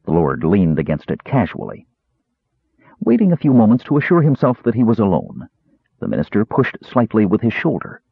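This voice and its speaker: A man narrating a fantasy tale with a low, husky voice that swings widely in pitch. The sound is dry and tinny, like a phone line. His delivery stays measured and expressive. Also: dry recording. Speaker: audiobook narrator.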